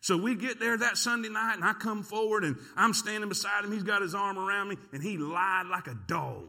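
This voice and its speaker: A man's voice: high voice, a little fast. A middle-aged man preaching a sermon in a church, telling a folksy story and calling out to the congregation. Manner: animated, folksy, talks to the congregation. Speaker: pastor. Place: church sanctuary.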